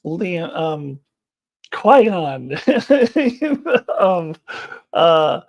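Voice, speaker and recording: A middle-aged woman chats loosely on a live stream and reacts to viewer comments. Her pitch swoops up and down in an animated way. She giggles often and drifts off into ums and uhs. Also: slow. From United States. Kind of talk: casual live chat, reading comments.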